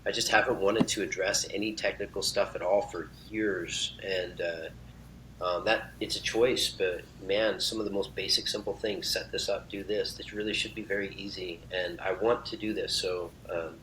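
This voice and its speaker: An earnest man with a lowish voice talks in an effusive, reflective way during a relaxed podcast chat. A faint rumble hums beneath his voice. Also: moderate pace, rough recording. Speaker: podcast guest, uncle of host. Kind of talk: casual conversation.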